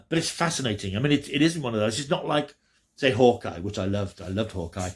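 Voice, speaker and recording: A man giving a chatty, rambling, enthusiastic spoken review as a video host. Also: fairly low pitch. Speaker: YouTube reviewer.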